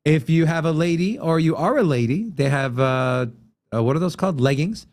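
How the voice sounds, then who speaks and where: A man's voice: fairly high pitch, lively intonation, moderate pace, darkish tone. A man hosting a casual talk show, rambling through a sign-off with plenty of fillers. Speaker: show host. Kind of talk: casual podcast chat.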